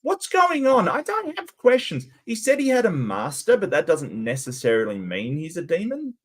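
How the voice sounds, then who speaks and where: A man giving casual, sarcastic commentary over a video he is watching. He rambles and restarts often, and his pitch rises and falls in a lively way. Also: moderate pace. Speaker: reaction video host.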